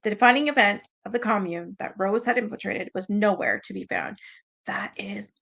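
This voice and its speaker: A woman's voice: medium pitch, fairly quick, creaky, a bit bright. A Canadian woman hosting a livestream, reading aloud and chatting loosely with her viewers, swearing freely and laughing often. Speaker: livestream host.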